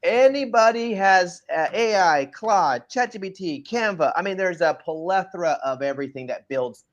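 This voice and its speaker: A man's voice: high-pitched, expressive, normal speed, dull audio. Blunt, emphatic man ranting. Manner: emphatic, blunt, lectures the listener directly. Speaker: podcast co-host. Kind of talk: casual ranting talk show.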